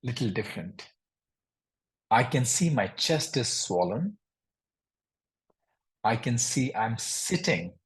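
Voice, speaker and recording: A man's voice: medium pitch, very animated, takes it slowly, long pauses, low-quality recording. A man hosting a podcast, asking earnest, thoughtful questions in a conversational interview. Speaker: podcast host.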